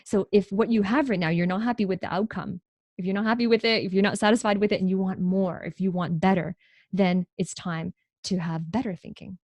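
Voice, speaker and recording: A woman guest on a podcast speaks like a coach, emphatic and quick to repeat her key points. Her voice sits at a middling pitch. The sound is close and dry. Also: fairly even intonation, darkish tone, no echo. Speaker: guest, career educator. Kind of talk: conversational podcast interview.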